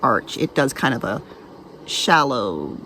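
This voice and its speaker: A woman's voice: extremely low pitch, very animated, slow pace, a little hiss or hum, low-quality recording. A middle-aged woman chatting casually to her camera at a lakeside campground, recorded outdoors. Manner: chatty, gets emotional and laughs softly. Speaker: vlogger. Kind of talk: casual vlog narration.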